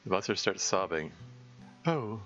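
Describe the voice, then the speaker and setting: A man's voice: on the low side, expressive, normal speed, sharp tone, dull audio, soft background music. A man streaming a game, narrating and thinking aloud in a chatty way with many fillers. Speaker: streamer playing a visual novel mod. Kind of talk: let's play narration and reading aloud.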